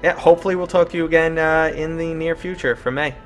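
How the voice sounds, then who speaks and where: A man's voice: fairly high pitch, fairly even intonation, quick pace, soft background music. A man with a New York City accent hosting a casual interview, joking and enthusiastic. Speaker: host.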